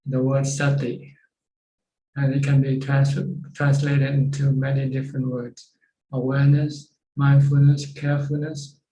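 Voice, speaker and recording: A man teaching as a Buddhist monk, answering questions over a video call in a plain, halting way. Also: medium pitch, mellow, echoey room, low-quality recording. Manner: plain, repeats words while searching for phrasing. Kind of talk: dharma talk answering questions.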